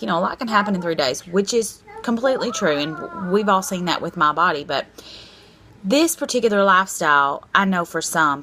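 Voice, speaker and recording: A woman in her thirties talking candidly and rambling a little in a casual diet vlog, self-deprecating and frank. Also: lowish voice. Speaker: vlogger.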